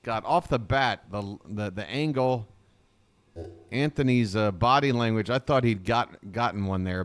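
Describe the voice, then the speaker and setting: A man streaming live baseball play-by-play from his own channel, chatty and rambling, getting excited on big swings. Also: on the low side, smooth, no echo.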